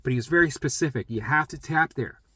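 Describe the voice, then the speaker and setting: A man's voice: medium pitch, fast talker, pushed and bright, husky. A man talking casually to camera, rambling and repeating himself as he explains something.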